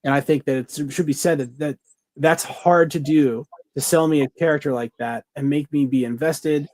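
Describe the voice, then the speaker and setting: A man's voice: on the high side, steady tone, moderate pace, a little mellow, dry recording. Rambling man in casual review chat. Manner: rambling, enthusiastic, lots of fillers and restarts. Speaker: podcast co-host.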